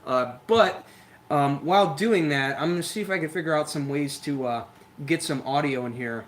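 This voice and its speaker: A young man hosting a casual lawn care livestream, chatty and energetic, a little out of breath, talking into a phone. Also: on the high side, normal speed, slight background noise, low-quality recording. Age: young adult. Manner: chatty, energetic, filler-heavy. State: slightly out of breath. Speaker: lawn care show host. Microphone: phone camera.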